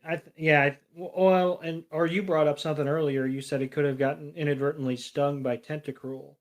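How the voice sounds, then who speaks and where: A man with a higher-pitched voice chats casually on a podcast. He hesitates and restarts his sentences as he thinks aloud. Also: steady tone, fairly quick. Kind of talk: casual chat.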